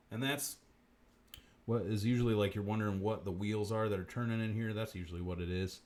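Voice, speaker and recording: A man hosting a comic livestream, rambling through odd facts with constant swearing and deadpan asides. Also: on the low side, brisk. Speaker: host.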